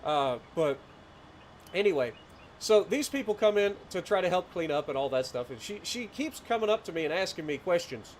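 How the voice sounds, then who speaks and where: Casual streamer, rural Ohio man in his late thirties, slightly high voice, rambling and chuckling, faint noise behind. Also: animated, moderate pace. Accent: rural southeastern Ohio. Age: late 30s. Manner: rambling storyteller, chuckles often, greets chat. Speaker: livestreamer. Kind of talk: casual gameplay livestream chat.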